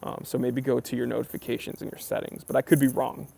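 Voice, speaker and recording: On a relaxed watch live stream, the host reads chat comments out loud and answers them in a loose, wandering way, with plenty of ums and uhs. His mid-range voice is creaky and mellow with a breathy edge, and he talks quickly in a flat delivery.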